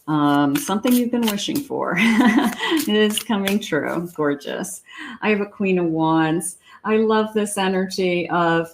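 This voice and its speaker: A woman reading tarot cards aloud in a chatty, reassuring way, thinking out loud as she goes. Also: on the low side. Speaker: psychic tarot reader.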